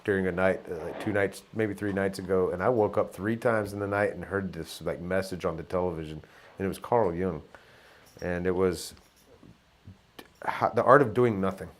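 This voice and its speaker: A middle-aged musician in casual conversation, talking reflectively and telling animated stories. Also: male voice, low-pitched, moderate pace. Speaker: musician guest.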